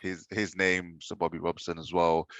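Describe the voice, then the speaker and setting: A man chatting as a podcast guest about football, halting and full of fillers. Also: sits low, level tone, fairly bright tone, dry recording, dull audio. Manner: hesitant, many fillers. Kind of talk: casual chat.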